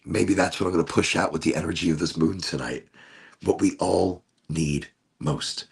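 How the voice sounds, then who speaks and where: A man in a casual, rambling vlog monologue, talking slowly and emotionally with restarts and sighs, indoors at home. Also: low voice, creaky, slightly rough. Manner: slow, dreamy and emotional, with many restarts and sighs. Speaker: vlogger.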